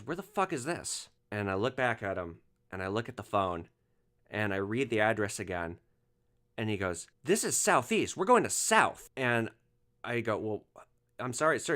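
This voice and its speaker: A man hosting a podcast, telling a rideshare story in an animated monologue and acting out the passengers' lines. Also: mid-range voice. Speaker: podcast host, former rideshare driver.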